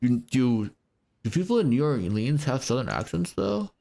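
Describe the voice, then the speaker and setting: A man's voice: medium pitch, big pitch swings, moderate pace, creaky, mellow. An American man streaming a game, chatting casually with his viewers in a rambling way, full of fillers, swearing and laughter. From United States. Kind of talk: casual livestream chat with viewers.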